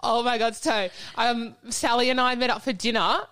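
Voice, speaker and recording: A woman's voice: a little high, normal speed, clear, resonant tone. A woman, co-hosting a podcast and telling stories animatedly. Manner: animated, laughing storyteller. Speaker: podcast co-host. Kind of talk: casual chat.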